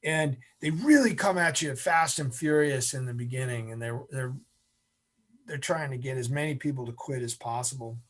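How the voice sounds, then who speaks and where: A middle-aged man, an interview guest, telling a story in an animated way and acting out the scenes. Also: mid-range voice, moderate pace.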